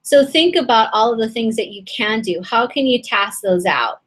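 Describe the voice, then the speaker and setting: Woman, business coach, casual webinar, rambling, lots of fillers, slightly hoarse. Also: fairly high pitch, expressive, normal speed, fairly bright tone, poor audio. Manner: chatty, rambling, with many fillers and restarts. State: voice a little hoarse and strained. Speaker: business coach hosting a members' session.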